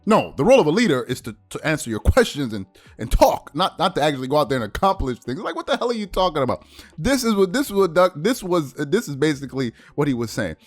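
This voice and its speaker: A man hosting a sports show reacts to a clip with an animated, incredulous rant broken up by laughs. His voice is on the high side, and he talks fast with hardly any pauses over soft background music in this casual commentary.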